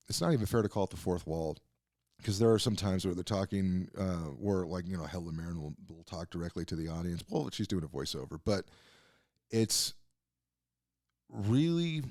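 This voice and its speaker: Low-voiced rambling male podcaster. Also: a little mellow, no room sound, clean studio sound. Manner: rambling, frequent fillers and restarts, casual swearing. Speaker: podcast host. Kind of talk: casual film review. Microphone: close desk mic.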